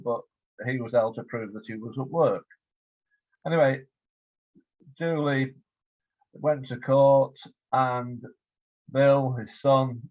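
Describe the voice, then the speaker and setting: An older English man, an author interviewed over a video call, telling stories in a relaxed, reminiscing way with fillers. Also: mid-range voice. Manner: warm storytelling with fillers, acts out quoted voices. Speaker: author interviewed about his biography. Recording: phone-like lo-fi line.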